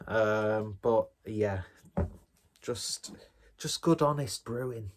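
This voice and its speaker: A man's voice: on the low side, drawn-out words, pauses often. A man casually reviewing a beer on his vlog in a rambling, jokey, self-deprecating way.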